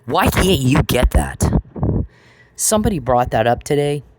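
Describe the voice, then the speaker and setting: A man's voice: mid-range voice, sing-song, measured pace. A man delivering an angry solo monologue, confrontational and profane, repeating phrases for emphasis. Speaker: channel host. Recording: noisy recording with clicks.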